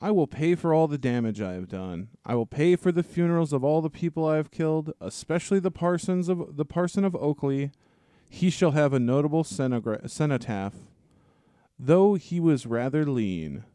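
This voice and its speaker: A frightened, rich old dragon pleads and bargains in a raised, wheedling voice, as a man puts him on during a story reading. The tone stays mellow and the sound is dry and close. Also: a little high, animated, normal speed, smooth, no echo, pitched above the performer's own voice, lightly acted. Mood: pleading, wheedling. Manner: anxious, wheedling, haggling.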